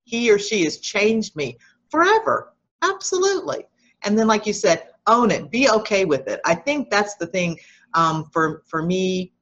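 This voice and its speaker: A middle-aged woman, a guest in an interview, speaking in a reflective, gentle and advising way over dull lo-fi remote audio. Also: medium pitch, animated, unhurried. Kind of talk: conversational interview.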